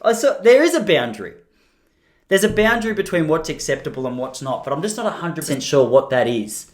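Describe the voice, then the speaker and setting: A man's voice: on the high side, sing-song, brisk. An Australian man hosting a podcast, chatting casually to camera in a joking, rambling way. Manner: joking, rambling, slips into playful mimicry. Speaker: podcast host.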